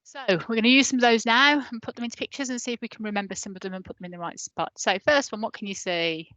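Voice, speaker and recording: A woman's voice: on the high side, fairly even intonation, bright, forceful tone, no room sound, poor audio. A woman teacher leading an online phonics lesson for parents, patiently sounding out letters and asking listeners to repeat after her. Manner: patient, sounds out letters slowly and prompts repetition.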